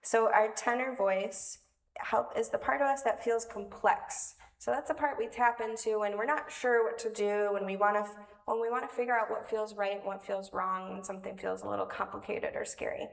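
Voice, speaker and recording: A woman's voice: mid-range voice, steady tone, normal speed, vocal fry. A woman leading a children's time in a worship service, speaking in a chatty, playful way with small laughs. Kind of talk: friendly talk to children in a service. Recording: echoey room from far off, faint noise.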